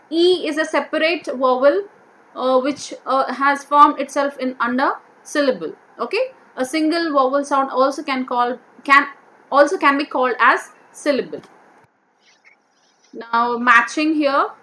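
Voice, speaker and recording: A woman teacher going through a vocabulary worksheet, repeating each word and slowly sounding out its syllables. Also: high-pitched, bright, forceful tone, a little hiss or hum. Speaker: English teacher.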